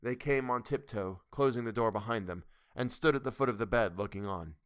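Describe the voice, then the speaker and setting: A man reading a classic novel aloud in a measured, steady storytelling voice. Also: medium pitch, clean tone, no echo, studio quality. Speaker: audiobook narrator. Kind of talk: audiobook reading.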